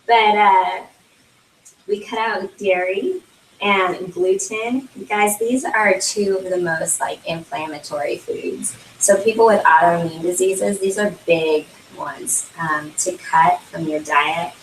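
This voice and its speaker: A young woman gives a chatty, filler-heavy presentation to guests in a room. Her voice sits a little low and comes from across the space, picked up by a camera. The room rings around her. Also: steady tone, takes it slowly, a little hiss or hum. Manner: chatty, many fillers, laughs often. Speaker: consultant presenting at a launch party. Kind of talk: casual product presentation. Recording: roomy, distant camera audio.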